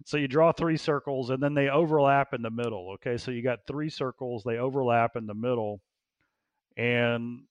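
A man speaking as an interview guest, a business coach who talks in an animated way, repeating phrases and laughing often. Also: mid-range voice, no echo, dull audio. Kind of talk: casual interview talk.

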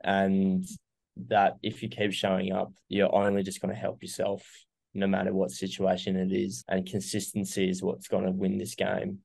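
A man's voice: low voice, completely flat delivery, normal speed, creaky, a little mellow. A young man, earnestly reflecting on his recovery as an interview guest, with many fillers. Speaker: guest sharing recovery story. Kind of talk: casual interview.

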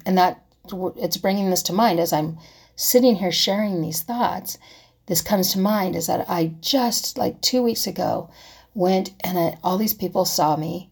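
Speaking reflectively to camera, a female vlogger with a lowish, breathy voice poses a series of rhetorical questions to herself. Now and then she drops into a soft whisper as she talks about personal matters.

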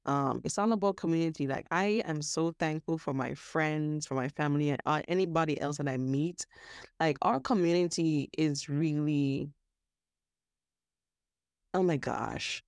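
Lady w a low voice talkin earnest on a podcast, repeats words, dry mic. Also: unhurried, smooth, no room sound. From Caribbean. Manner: earnest, animated, laughs often, restarts words. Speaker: podcast guest, mental health advocate. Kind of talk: casual interview chat.

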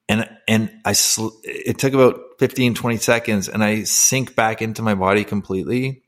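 A man's voice: fairly low pitch, steady tone, normal speed, few pauses. A man in his forties, a former athlete turned coach, telling his personal story as an interview guest, candid and emotional, with many fillers.

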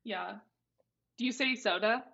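A woman chats as a podcast guest in a loose, rambling way, leaning on fillers and laughing as she goes. Her voice sits a little high. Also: measured pace, vocal fry, fairly bright tone, highs cut off. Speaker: podcast guest, social media manager. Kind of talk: casual chat.

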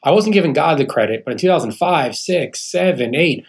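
A man's voice: fairly high pitch, expressive, fairly quick. A man in his thirties, a podcast guest, telling an earnest personal testimony and acting out the people in his story. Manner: earnest storyteller, acts out quoted people, calls the host "man". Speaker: guest, real estate founder.

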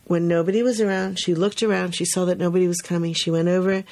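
Lively woman telling a story on a podcast. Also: on the low side, quick pace. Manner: lively storyteller, acts out quotes, laughs often. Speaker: podcast host. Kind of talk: casual chat.

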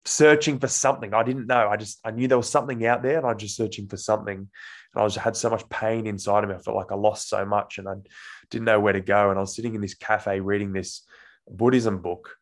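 A man in his twenties with an Australian accent and a low, gravelly voice. He tells his story in an easygoing way, with lots of fillers. He acts out the voices of the people he quotes. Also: fairly even intonation, fast. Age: 20s. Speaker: guest, actor. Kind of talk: casual storytelling interview.

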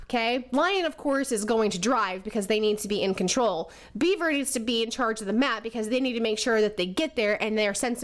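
A woman explaining personality types through a lively, animated story. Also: a little high. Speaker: presenter.

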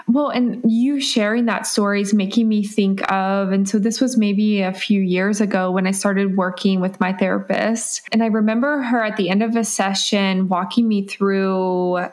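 A woman's voice: mid-range voice, steady tone, normal speed, few pauses. A woman hosting a podcast who chats casually, affirms her guest and reflects on her own experience. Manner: warmly affirming, reflective listener. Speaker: podcast host.

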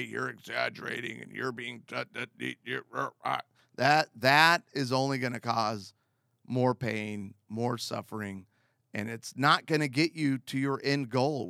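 Slow, gravelly man giving marriage advice. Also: mid-range voice, no room sound, clean studio sound. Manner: calm, earnest and direct, with repeated emphatic phrases. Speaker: marriage counselor. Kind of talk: advice talk to camera.

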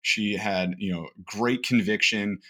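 Low-voiced energetic male podcast co-host. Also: unhurried. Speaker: podcast co-host, sales coach. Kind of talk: casual podcast chat.

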